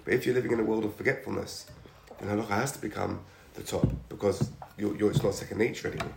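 Man, rapid questions, very gravelly, roomy echo, clinking dishes behind. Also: on the low side, fairly even intonation, background noise. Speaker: student asking a question. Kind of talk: class discussion.

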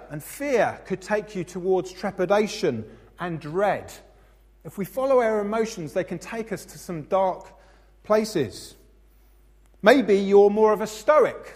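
A man in his thirties preaching a sermon as pastor, expressive and playful, acting out voices in his stories. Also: high voice. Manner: expressive, acts out funny voices in anecdotes. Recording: long hall reverb.

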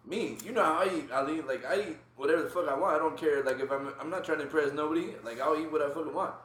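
A man tells a story to his friends in a loose, profane, animated way. His voice is bright and forceful. The room sounds echoey around him. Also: fairly high pitch, fast talker. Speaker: podcast co-host telling a story.

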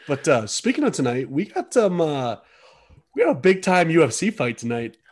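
A man's voice: a little high, big pitch swings, moderate pace, a little mellow. A man co-hosting a casual podcast chat, joking around and laughing often. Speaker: podcast co-host.

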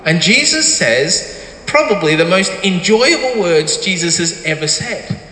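Male pastor, high and bright, animated sermon storytelling, echoey hall. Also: a little slow. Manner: animated storytelling, acting out quotes.

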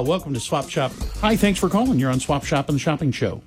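Guy hosting a radio call-in show, kinda high voice, folksy, trips over words sometimes. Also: lively intonation, fast talker, soft background music. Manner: folksy, stammers when flustered. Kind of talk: casual call-in radio chat.

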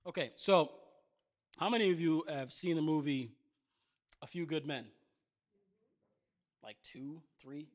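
A man in his thirties preaching a sermon, chatting with the congregation in asides and then building to emphatic points. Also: on the high side. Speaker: pastor.

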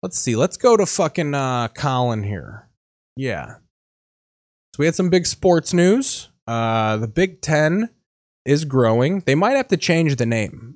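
A man's voice: medium pitch, darkish tone, no echo. A man hosting a podcast, riffing on news clips in a crude, mocking way. His voice is close and dry, with no room sound around it. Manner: sarcastic, mocking, profane. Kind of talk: crude comedic commentary.

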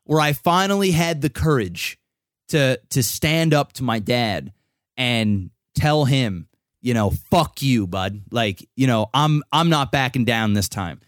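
A man's voice: mid-range voice, expressive, unhurried, no echo, clean studio sound. A young man co-hosting a podcast, telling a long personal story in casual, profane chat full of restarts. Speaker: podcast co-host.

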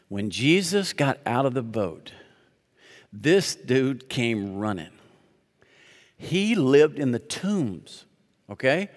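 A man's voice: mid-range voice, animated, moderate pace, long pauses. A man preaching a sermon as pastor, reading scripture aloud and leading the congregation in call-and-response with joking asides. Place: church sanctuary. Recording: long reverb of a large hall.

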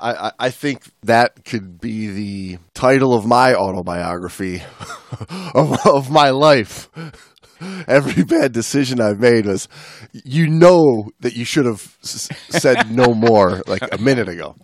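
A man's voice: medium pitch, animated, a little slow, no room sound, studio quality. A man co-hosting a podcast, chatting casually and joking between book passages. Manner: joking, reads quotes with a mock French flair. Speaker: podcast co-host. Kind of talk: casual chat, reading book passages aloud.

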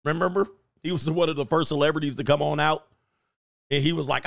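A man's voice: on the high side, fairly even intonation, brisk, creaky, no room sound, clean studio sound. Joking man riffing on news. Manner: loud, joking, slangy, reads articles aloud. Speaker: livestream host. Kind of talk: casual commentary on news.

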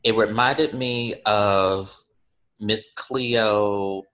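Very deep-voiced man hosting a chat. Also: very slow. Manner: relaxed, steers the talk between topics. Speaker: podcast host. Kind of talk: casual chat.

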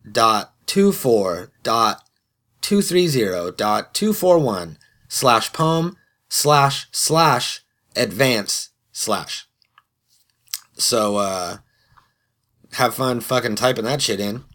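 This man's voice is medium in pitch and a bit bright. He's the host of a podcast, giving a loose solo intro full of swearing and self-deprecating remarks over a studio podcast microphone.

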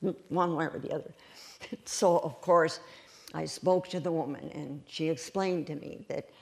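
A woman with a gravelly, creaky voice preaches a sermon. She tells her stories in an animated way and breaks into laughter often as she goes. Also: sits low, a little slow. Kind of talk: sermon storytelling.

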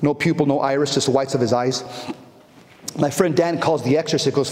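Animated preacher in an echoey hall. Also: male voice, fairly high pitch, fairly quick. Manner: animated, with stop-start restarts. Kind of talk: storytelling sermon. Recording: echoey hall with long reverb.

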